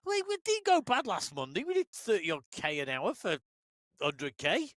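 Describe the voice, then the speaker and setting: A man commentating a live virtual cycling race, excitable and quick to laugh, building up hard through the sprint finishes. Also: high voice, no room sound. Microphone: headset with talkback in ears.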